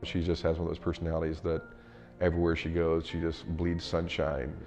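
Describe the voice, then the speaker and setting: Deep gravelly man, earnest. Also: monotone, brisk, darkish tone, faint music behind. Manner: earnest storytelling. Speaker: recovery program leader. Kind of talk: documentary interview.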